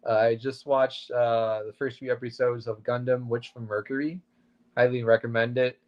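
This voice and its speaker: A man's voice: mid-range voice, level tone, normal speed, darkish tone, highs cut off. A man co-hosting a comic book show, laid-back and easygoing, with many "uh"s. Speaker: co-host and comic vendor. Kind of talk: casual chat.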